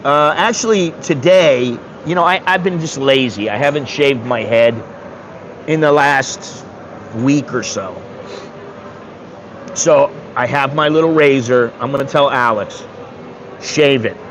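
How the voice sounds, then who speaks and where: A man's voice: medium pitch, measured pace, fairly bright tone, a little hiss or hum, rough recording. A man in his sixties from the United States, rambling bluntly and with some swearing in a casual livestream chat. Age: 60s. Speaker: streamer.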